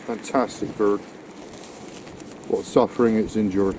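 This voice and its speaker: A man with a lowish voice and fairly even intonation speaks at a moderate pace, leaving long pauses. He's walking his dog along a windy coast, casually vlogging to his camera, talking plainly to the dog and getting out of breath on the climbs. Wind noise hits the mic outdoors.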